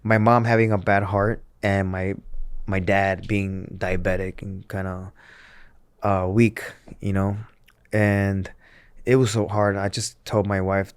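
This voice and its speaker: A man's voice: fairly low pitch, level tone, measured pace, clean tone, no room sound. A man in his thirties, a former wrestler and interview guest, telling his story candidly with many fillers, restarts and acted-out quotes.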